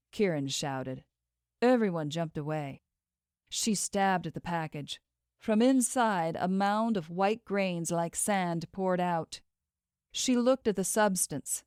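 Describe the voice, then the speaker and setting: A woman narrating a fantasy romance novel in a measured, expressive storytelling voice. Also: on the low side, smooth, no echo, studio quality. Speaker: audiobook narrator. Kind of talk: scripted narration.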